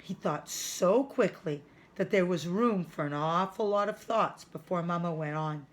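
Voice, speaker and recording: A woman teacher reading a chapter book aloud to children, careful and clear. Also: on the low side. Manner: slow, careful read-aloud.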